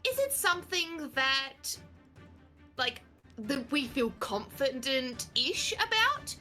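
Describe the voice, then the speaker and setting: A woman's voice: high voice, big pitch swings, slow, bright, forceful tone, faint music behind. A woman playing in a tabletop game, asking rambling, searching questions. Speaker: player. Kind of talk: casual tabletop game chat.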